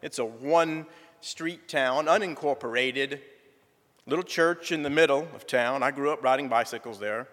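A middle-aged man, telling a folksy church testimony with gentle humor. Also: medium pitch, moderate pace. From southern United States. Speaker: church member giving a testimony. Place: church sanctuary. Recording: reverberant church sanctuary.

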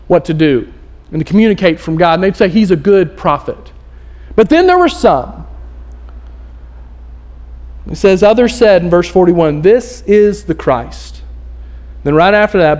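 A man preaching a sermon in a casual, animated way, acting out the quotes in the story. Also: sits high. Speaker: pastor. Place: church.

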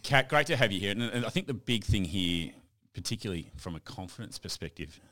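A man's voice: on the low side, expressive, a little fast, bright, forceful tone. A man hosting a podcast interview, chatty and prone to restarts. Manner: chatty, stumbling over restarts. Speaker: podcast host. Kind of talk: casual interview.

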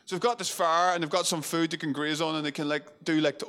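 A man's voice: a little high, fairly even intonation, quick pace, a bit bright. A man preaching a sermon in a conversational way, full of fillers and restarts. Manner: conversational, with many fillers and restarts, acting out quotes.

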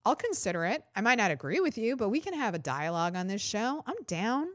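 A woman hosting a political comedy podcast, talking casually and swearing a lot, jumping up in pitch when she mimics others. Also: a little fast, no echo, studio quality. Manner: chatty, profane and animated, jumping up in pitch for mock quotes. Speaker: podcast host.

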